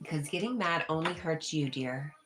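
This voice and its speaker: A woman with a notably low voice hosts a casual livestream, reading viewers' comments aloud. She is easygoing and gently reassuring, and she chuckles often. She is from New York. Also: normal speed, background noise. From New York, USA. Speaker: livestream host.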